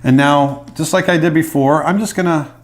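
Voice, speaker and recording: A man's voice: fairly high pitch, moderate pace. A middle-aged man, an animator, casually talking through his drawing as he sketches, thinking aloud. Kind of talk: drawing tutorial narration.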